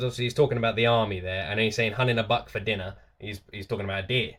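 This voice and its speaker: A man's voice: fairly low pitch, fairly even intonation, very fast, a bit bright. A man from the UK hosting a reaction video, talking casually and enthusiastically to his viewers, often repeating himself. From United Kingdom.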